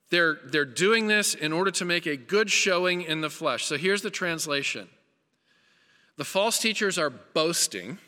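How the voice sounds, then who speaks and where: A man's voice: fairly high pitch, bright, forceful tone. Earnest man preaching in a reverberant hall. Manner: earnest, emphatic preaching with repeated phrases and restarts. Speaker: pastor. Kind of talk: sermon.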